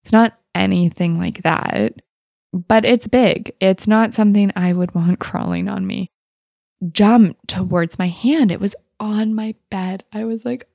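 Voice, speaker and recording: Gravelly-voiced woman telling a lively story. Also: medium pitch, unhurried, no room sound, studio quality. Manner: animated, laughing often, voices others in quotes. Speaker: podcast host. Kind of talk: casual storytelling.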